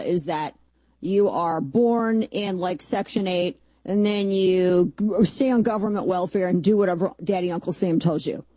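A woman's voice: lowish voice, warm tone, husky, dry recording. A middle-aged woman hosting a talk radio show, opinionated and sarcastic, often mocking others in put-on voices.

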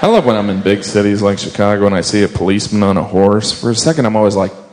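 A man's voice: on the low side, quick pace, few pauses. A man doing a wry observational stand-up routine on stage, slipping into silly character voices. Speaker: stand-up comedian. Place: comedy stage before a live audience. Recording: stage mic with crowd laughter and noise.

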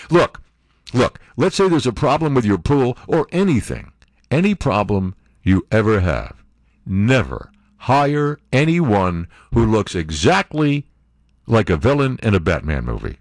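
Older man, radio talk host, rambling, joking, very lively pitch, dry studio sound. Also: unhurried, no room sound. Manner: rambling, joking, full of asides and impressions. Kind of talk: casual talk radio banter.

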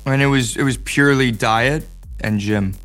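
An American actor speaking as an interview guest, laid-back and playful, with casual slang and many fillers. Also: male voice, medium pitch, normal speed, a bit bright, soft background music.

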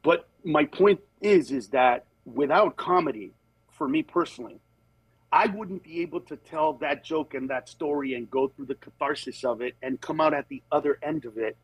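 Animated husky-voiced male comedian. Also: normal speed, dry recording, poor audio. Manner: animated storyteller, acts out voices with big pitch jumps. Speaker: comedian guest. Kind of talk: candid podcast conversation.

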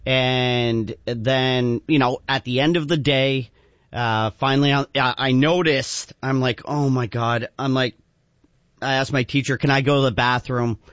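A man tells an anecdote quickly, stumbling over fillers as he goes. His voice is mid-pitched and sounds dry and a little dull, like a broadcast. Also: fairly even intonation, a bit bright, no room sound. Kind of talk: casual storytelling.

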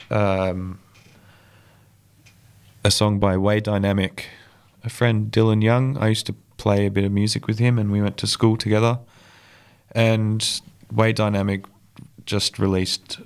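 A young man presenting songs on music radio in a relaxed, rambling way, with lots of ums. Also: on the low side, vocal fry, smooth. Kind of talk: casual music radio links.

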